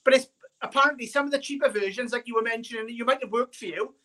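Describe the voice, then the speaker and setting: A man's voice: extremely high pitch, fast, a bit bright. A Welsh man calling in to a podcast, talking casually in a rambling, hesitant way full of fillers. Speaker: caller. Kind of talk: casual chat.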